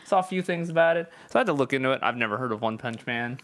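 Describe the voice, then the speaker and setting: A man's voice: medium pitch, rapid-fire. Laid-back male podcast co-host. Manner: relaxed, rambling, self-correcting. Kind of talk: casual chat.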